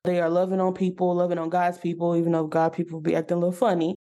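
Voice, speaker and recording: A woman's voice: on the low side, completely flat delivery, racing, warm tone. A woman hosting a casual podcast interview, chatty and playful, with church-flavored banter. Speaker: podcast host.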